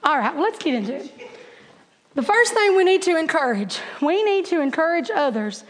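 Very high-voiced woman telling stories. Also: normal speed, big-room sound. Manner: animated, chatty storytelling with laughing asides. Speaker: Bible class teacher. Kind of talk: storytelling Bible lesson.

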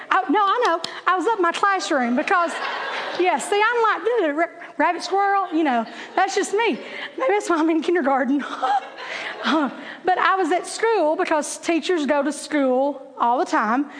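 High-voiced woman telling a funny story. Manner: animated, laughing, acts out voices in quotes. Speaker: teacher telling a story to an audience. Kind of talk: humorous personal storytelling. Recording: long hall reverb.

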